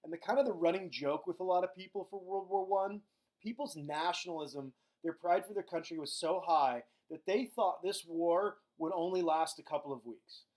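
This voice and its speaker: A man's voice: high voice, a little mellow. A middle-aged man giving a recorded history lecture in a casual, joking way. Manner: casual, acts out countries in quick silly voices. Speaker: history teacher.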